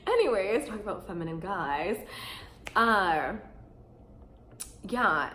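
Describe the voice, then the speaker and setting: Young woman vlogger, candid and animated, swears freely, mid-pitched, roomy echo with faint noise. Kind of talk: casual chat to camera.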